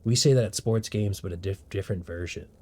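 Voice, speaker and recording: A man chatting casually over his gameplay, goofing around and laughing at himself. His voice is husky and on the low side, loose and rambling in delivery. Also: fairly quick, a little mellow. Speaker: game streamer.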